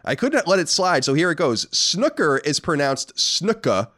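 An American man co-hosting a casual podcast reads listener mail aloud, joking with mock indignation. His fairly high voice is sing-song and fairly bright, moving at normal speed.

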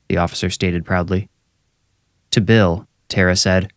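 A man narrating a scripted horror story in a measured, steady way. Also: low-pitched, no echo.

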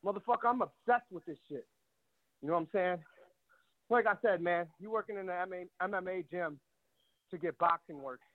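A high-pitched man in his late thirties on a tinny phone line, out of breath as he calls from a gym. He talks cocky, profane trash in a fast, swaggering way. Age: 30s. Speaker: fighter calling in.

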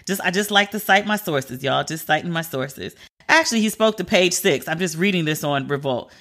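A woman's voice: lowish voice, expressive, moderate pace, a bit bright. A woman giving casual celebrity news commentary, chatty and candid with emphatic asides. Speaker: pop culture commentator.

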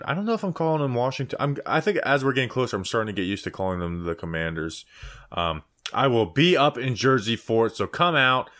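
A man's voice: mid-range voice, animated, a little fast, fairly bright tone. Ranting male sports podcast host. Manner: ranting, mocking. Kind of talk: casual podcast chat.

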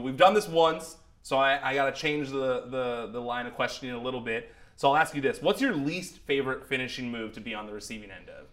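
A male podcast host with a bright, sharp tone. He keeps the chat casual and upbeat, leaning on fillers and laughing along with his guest. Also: mid-range voice.

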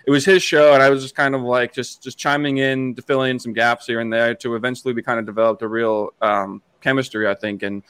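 Fast-talking young man, dry sound. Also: medium pitch, level tone, fairly bright tone, clear, resonant tone, dry recording. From Massachusetts. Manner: rapid, chatty, many restarts. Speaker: podcast producer, guest. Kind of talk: casual storytelling chat.

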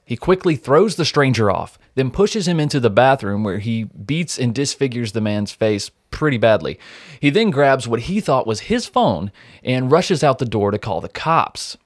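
A man with an average-pitched voice tells a true-crime case as podcast host. He is blunt, wry and freely profane. The sound is dry and close. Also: animated, normal speed, dry recording. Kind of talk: casual true-crime narration.

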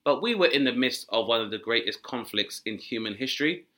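A man doing animated comic storytelling, acting out characters with big pitch jumps and swearing. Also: brisk. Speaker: comedian guest.

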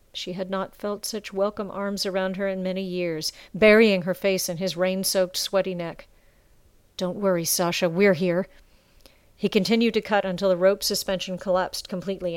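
A woman reading a story aloud in measured, expressive narration. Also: mid-range voice, clean tone, dry recording. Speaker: audiobook narrator. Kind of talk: scripted narration.

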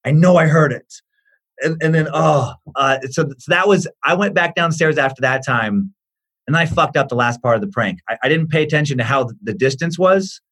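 A man in his forties, a comedian guest on a podcast, telling a story in a lively way and acting out the voices as he goes. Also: fairly high pitch, a little fast. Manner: lively, acts out the voices in his stories, swears freely. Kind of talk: animated storytelling in casual chat.

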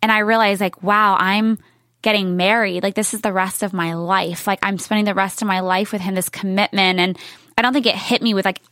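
A woman's voice: medium pitch, fairly even intonation, fairly quick, a bit bright, no echo, studio quality. A woman in her thirties chatting as a podcast guest, telling a story with lots of "like"s. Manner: gushing, storytelling with many "like"s. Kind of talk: casual chat.

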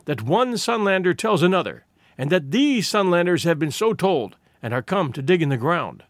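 A man's voice: fairly high pitch, sing-song, moderate pace, dry recording, clean studio sound. A man voicing a shrewd, persuasive village man addressing a council in a storybook reading. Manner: orating, persuasive.

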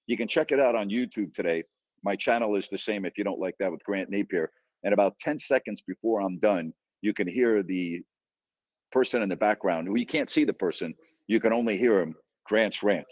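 A man's voice: on the low side, a little mellow, dry recording. A man hosting a sports talk radio show, ranting emphatically and taking callers. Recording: dull lo-fi sound.

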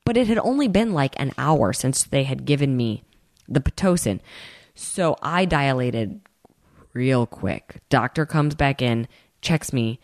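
A woman telling her own story in a casual, animated way, acting out the people she quotes and speaking straight to her listeners. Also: rumbling low, measured pace, dry recording, clean studio sound. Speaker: host telling a personal story.

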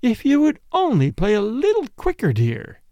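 A man's voice: extremely high pitch, wildly swooping pitch, moderate pace, mellow, no echo, studio quality, pitched above the performer's own voice, exaggerated voice. A man voicing a bossy, opinionated middle-aged woman who lectures everyone in an insistent, scolding way. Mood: impatient.

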